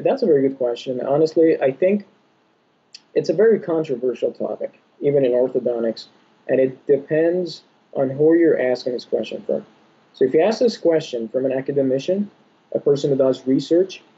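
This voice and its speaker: A young adult man, an orthodontist guest, answering podcast interview questions in a measured, explanatory way with frequent pauses. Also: medium pitch, dark tone, slightly rough. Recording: dull lo-fi audio.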